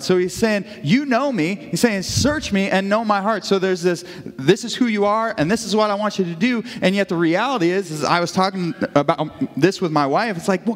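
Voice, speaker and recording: A male pastor giving a sermon in a conversational, self-correcting way, acting out inner dialogue as he goes. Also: a little high. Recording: long hall reverb.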